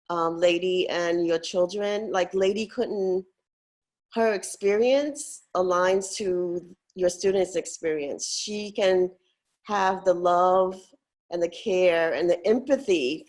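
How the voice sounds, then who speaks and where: A woman participant on a video call, speaking effusively and haltingly with heartfelt praise. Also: on the low side, a little mellow.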